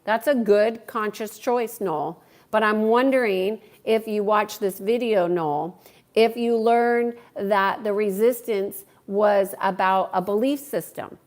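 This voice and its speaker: A woman with a mid-range voice speaks at a slow pace while hosting and coaching on a live stream. She's chatty and welcoming, addressing viewers by name and replying to their questions.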